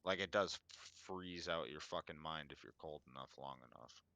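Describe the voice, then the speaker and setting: Man player, casual cussing, bright tone, dry mic. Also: normal speed, dry recording. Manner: swears casually, mutters low. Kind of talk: casual tabletop game chat.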